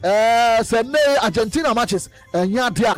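A man with a strikingly high voice delivers a lively football news roundup. He is excitable and drops into repeated, chant-like phrases, slipping English words into his speech. Soft music plays faintly underneath. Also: normal speed. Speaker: sports news presenter.

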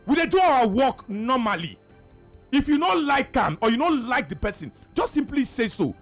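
Lively high-voiced Nigerian radio host. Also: male voice, normal speed, soft background music. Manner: forceful, lecturing, repeats himself. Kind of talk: heated call-in radio debate.

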